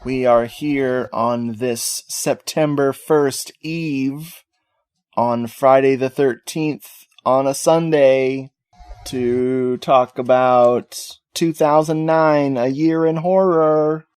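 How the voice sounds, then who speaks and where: A male podcast host chatting casually with his co-host. He keeps a light, joking manner at a middle pitch, recorded dry and close with no room sound. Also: steady tone, takes it slowly, a little mellow, smooth, dry recording. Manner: joking, laid-back, laughs often. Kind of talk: casual chat.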